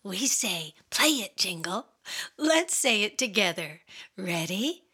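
A woman's voice: mid-range voice, sing-song, takes it slowly, bright, forceful tone. A woman hosting a children's radio show, talking cheerfully and directly to young listeners. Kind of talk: upbeat talk to children.

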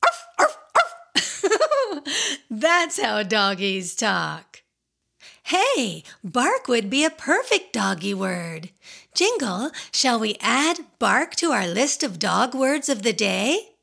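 Animated slow-talking woman hosting for kids. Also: on the high side, vocal fry. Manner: animated, sing-song, silly and encouraging. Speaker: children's show host. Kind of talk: playful talk to young children.

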